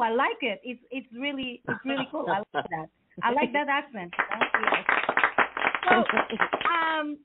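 A woman hosting a Christian call-in talk show, chatty, repeating words and using many fillers. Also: high voice. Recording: tinny phone line with faint hiss.

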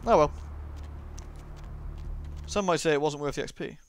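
A man's voice: fairly high pitch, normal speed, a little hiss or hum. A man giving casual, cheeky gameplay commentary, full of self-mocking asides. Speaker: let's play commentator.

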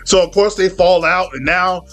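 A man's voice: sits high, fairly even intonation, normal speed, a bit bright, soft background music. A man telling a comedic story in a profane, rambling way, full of restarts and quoted dialogue.

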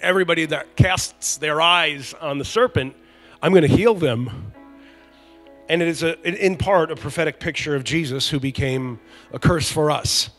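A fairly high-voiced man preaching to a congregation in a conversational, joking way, now and then rising to loud emphatic peaks. His voice rings with long reverb from a large church hall. Soft worship music plays faintly behind him. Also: normal speed. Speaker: pastor. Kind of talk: sermon.

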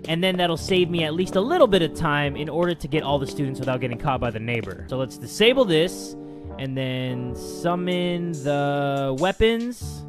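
A young man giving loud, excitable let's-play commentary, swearing often, with game music behind. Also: a little high, moderate pace. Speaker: gaming YouTuber.

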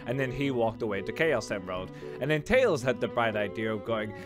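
A man hosting a gameplay video, casually joking and recapping the story, now and then bursting out loudly. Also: fairly low pitch, expressive, fairly quick, few pauses. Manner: offhand, joking storyteller with sudden loud outbursts. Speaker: gaming video host. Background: game music.

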